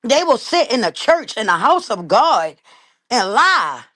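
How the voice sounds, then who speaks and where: A woman's voice: on the high side, very animated, measured pace, fairly bright tone. A woman talking on a casual livestream. She is emphatic and indignant, repeats her points and keeps calling out to "y'all".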